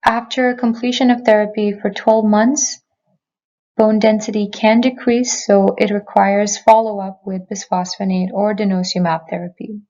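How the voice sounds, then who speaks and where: A woman physician delivers a prepared medical lecture in a measured, explanatory way. Her voice sits at a middling pitch. The recording sounds slightly dull and lo-fi. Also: level tone, mellow. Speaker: physician giving a health lecture. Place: remote recording, not in person.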